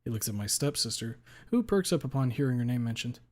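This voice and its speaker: A man reading a visual novel aloud in the first person, with a steady, even delivery. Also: medium pitch, fast. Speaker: narrator.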